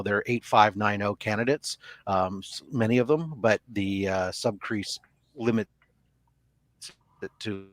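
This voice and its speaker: Halting man chatting about comics. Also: on the low side, fairly bright tone, no echo. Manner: halting and meandering, with frequent "uh" pauses. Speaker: comic collector describing his box sale. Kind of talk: casual chat.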